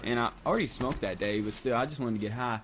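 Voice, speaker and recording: A man in his twenties telling a story in a casual vlog, animated and swearing a lot. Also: medium pitch, a little hiss or hum. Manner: rapid, animated, heavy swearing. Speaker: vlogger.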